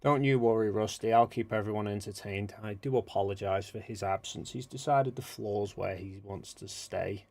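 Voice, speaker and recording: A man hosting a casual livestream, muttering quietly to himself as he works, then speaking up to address his viewers. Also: on the low side, normal speed, vocal fry, few pauses. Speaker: livestream host. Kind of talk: casual livestream chat, thinking aloud.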